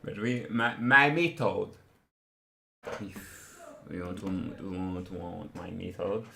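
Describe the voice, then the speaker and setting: Male streamer, French native, slow and halting, lowish voice. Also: steady tone, creaky, bright, forceful tone. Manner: halting, searching for words, many restarts. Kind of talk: casual live-stream commentary.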